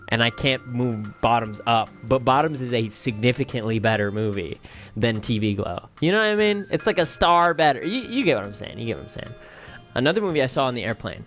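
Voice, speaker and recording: A man's voice: medium pitch, a bit bright. A man casually reviewing movies on a stream, rambling and repeating phrases with lots of fillers.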